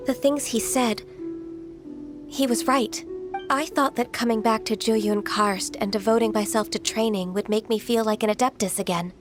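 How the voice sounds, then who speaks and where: Brief: shy earnest young woman played by a woman, hesitant, a bit high, faint game music. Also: fairly even intonation, moderate pace, lightly acted. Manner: soft-spoken, hesitant, earnest. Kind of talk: video game voice acting.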